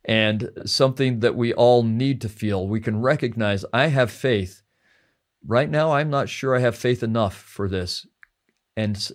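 A man who teaches scripture, a podcast guest, talking through a passage in a heartfelt, reflective way and slowing down to stress key phrases. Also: mid-range voice. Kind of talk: conversational scripture discussion.

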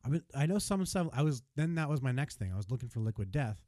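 A man's voice: medium pitch, expressive, quick pace, a little mellow, no echo. An American man co-hosting a podcast in casual chat, rambling with lots of restarts and self-corrections. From United States. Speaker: podcast co-host.

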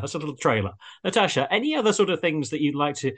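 A man's voice: fairly high pitch, expressive, quick pace, a bit bright, breathy edge. Wordy man hosting a chat show. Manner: wordy, hesitant, with many fillers. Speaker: host. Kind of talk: radio-style panel chat.

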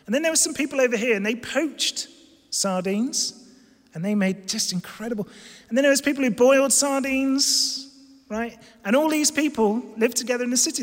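A preacher delivering a sermon with emphatic, animated energy. His voice is high, and he drops to a hush to drive points home. The church hall leaves a long reverb tail. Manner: animated, emphatic, swings from loud to hushed.

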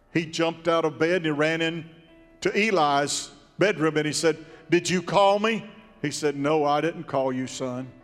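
A man preaching a sermon as pastor in a church sanctuary, with a slow cadence that now and then breaks into song. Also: a little high, big-room sound.

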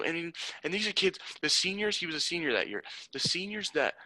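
A young man tells a story in casual talk, getting heated and restarting his sentences often. His voice is very bright and forceful, and the recording is dry and close. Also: a little high, sing-song, moderate pace, no room sound, rough recording. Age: young adult. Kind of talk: casual conversation.

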